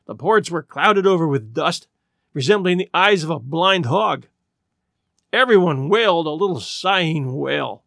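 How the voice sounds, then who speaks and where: A man reading a story aloud with an expressive, dramatic delivery. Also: on the high side, measured pace, creaky, no echo, studio quality. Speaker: narrator.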